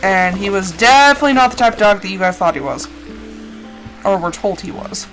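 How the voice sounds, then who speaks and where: A woman's voice: medium pitch, a little fast, soft background music, rough recording. A woman streamer chatting casually and rambling while she plays a game. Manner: rambling, chatty, animated asides. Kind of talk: casual chat while gaming.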